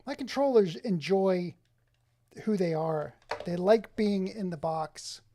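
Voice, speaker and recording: A man streaming live from his home office, chatting excitedly with viewers and exclaiming often. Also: high voice, takes it slowly, slight background noise. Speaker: streamer showing his game collection. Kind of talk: casual live-stream chat.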